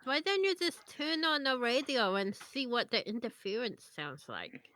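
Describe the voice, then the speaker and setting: A woman playing a tabletop game in character, playful and drowsy with a deadpan edge. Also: fairly high pitch, normal speed, dry recording. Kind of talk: in-character role-play.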